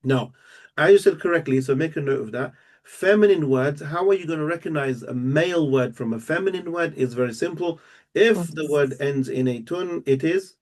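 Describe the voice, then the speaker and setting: A man teaching a live language lesson, explaining step by step and repeating words slowly and patiently. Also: on the high side, darkish tone. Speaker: Arabic teacher.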